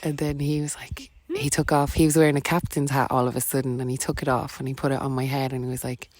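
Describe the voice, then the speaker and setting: A woman's voice: very deep voice, level tone, fast, darkish tone, no echo. Irish woman rambling through a personal story. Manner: rambling, filler-heavy, laughs between lines. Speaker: podcast guest, wellness coach.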